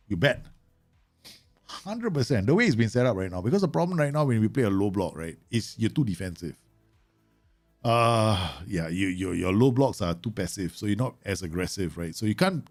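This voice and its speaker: A man live-streaming a football management game, chatting casually with viewers and yelling at his players. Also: fairly low pitch, dry recording. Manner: animated, bursts into loud yells and laughs at his players; chatty, answers viewer questions with many fillers.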